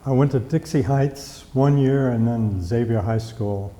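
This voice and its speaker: A man in his eighties, plainspoken, recalling his life in short halting phrases during an oral history interview in a library room. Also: mid-range voice, warm tone. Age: 80s. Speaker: interviewee, veteran. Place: library room with long reverb. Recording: reverberant hall, faint background noise.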